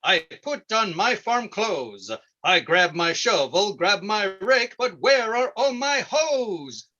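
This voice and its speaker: A man doing a character bit as a folksy, goofy old farm-show host with a corny, drawn-out delivery and chuckling "ho ho ho"s. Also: high voice, very animated, bright, forceful tone, dull audio, voice pushed up, exaggerated voice. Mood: folksy cheerful. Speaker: stand-up comedian.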